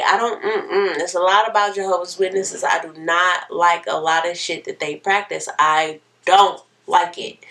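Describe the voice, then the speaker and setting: Animated young woman telling a story. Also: medium pitch, far from the mic. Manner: animated, expressive, candid. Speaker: vlogger. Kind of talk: casual storytelling.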